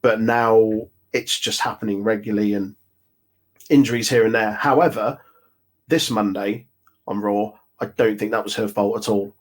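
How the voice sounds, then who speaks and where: A man from Coventry in England, with a Midlands accent, talks wrestling as a guest from his home office. His voice sits on the low side, and he is easygoing and measured, with frequent laughs between points. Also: steady tone. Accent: English Midlands. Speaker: podcast guest. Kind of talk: casual wrestling chat.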